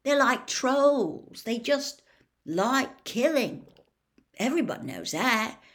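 Woman as a nervous teen wizard boy, halting, searching for words, slow storybook pace. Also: on the high side, sing-song, fairly bright tone, voice pushed up, full character voice. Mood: uneasy. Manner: hesitant, stumbling for words. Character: worried teenage wizard boy, earnest.

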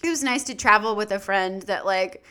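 A young woman chats casually on a podcast. She tells the story with lively energy and acts out the voices of the people in it. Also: mid-range voice, normal speed, smooth. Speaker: podcast co-host. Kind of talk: casual chat.

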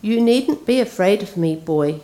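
A woman's voice: mid-range voice, animated, measured pace, dark tone, close to an everyday voice. A woman voicing a stern, dignified bearded lord from a storybook, speaking in a commanding way. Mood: kindly.

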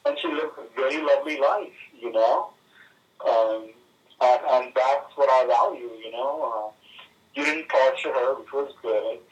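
Halting man on a tinny speakerphone. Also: mid-range voice, distant mic. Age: 30s. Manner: halting, many fillers and restarts. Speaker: friend calling in. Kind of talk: casual phone conversation.

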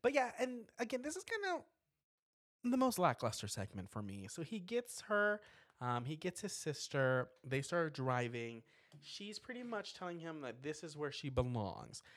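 A man's voice: on the high side, normal speed, no echo, studio quality. A man in casual chat, retelling a horror film's plot with fillers and laughs. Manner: animated storytelling with frequent laughs and fillers. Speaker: podcast co-host recapping a horror film.

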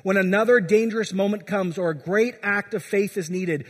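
A man's voice: high-pitched, moderate pace. A man preaching a sermon as pastor, urging his congregation and asking them questions. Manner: exhorting, asks the congregation questions. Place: church. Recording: long church reverb.

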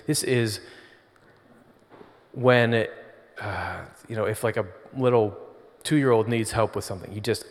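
A man giving an informal sermon, talking in a conversational, pausing storytelling way, with long hall reverb. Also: medium pitch. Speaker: spiritual speaker.

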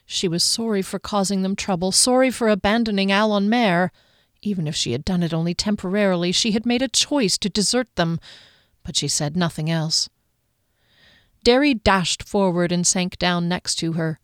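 A woman narrating a fantasy story in a measured, expressive reading. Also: mid-range voice, no room sound, clean studio sound. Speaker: audiobook narrator.

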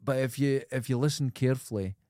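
A man's voice: medium pitch, fairly quick, warm tone, no room sound, clean studio sound. Scottish man telling loose anecdotes. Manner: loose storytelling, trails off and restarts. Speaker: podcast co-host. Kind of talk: casual chat.

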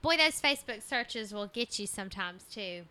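Woman co-host, casual chat, very bright tone, lively pitch, unhurried. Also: smooth. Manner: reactive, laughing, supportive interjections. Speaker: podcast co-host.

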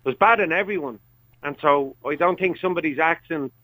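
A man's voice: a little high, a little fast, sharp tone, no echo, rough recording. A man with a Dublin accent calling in to a radio show, frank and easygoing, speaking with a laugh. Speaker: radio caller. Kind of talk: casual phone-in chat.

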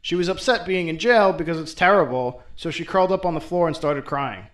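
A man retells a folktale as host, with a fairly high voice and an irreverent, profane, wisecracking delivery. His comedic asides come in a casual talking tone. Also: a little fast, a bit bright. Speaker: host and storyteller. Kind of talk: comedic folklore storytelling.

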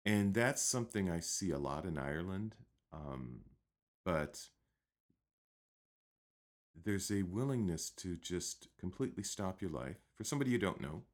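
A man with a very low voice recounts a story in an easy, unhurried way. He speaks conversationally, pausing on fillers and restarting phrases as he goes. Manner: relaxed, anecdotal, with um fillers and restarts. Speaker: guest teacher.

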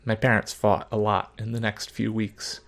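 A man narrating a story in the first person, measured, subdued and reflective. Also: lowish voice, flat delivery, creaky, fairly bright tone.

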